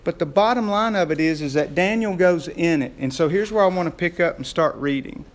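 A man preaching a sermon as pastor, telling the story in a lively way with frequent laughs and rhetorical questions. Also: on the high side, brisk.

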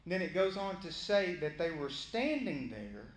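A male pastor preaching a sermon in a lively, conversational way. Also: fairly high pitch, normal speed, echoey room. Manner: animated, conversational, acting out voices of Bible figures.

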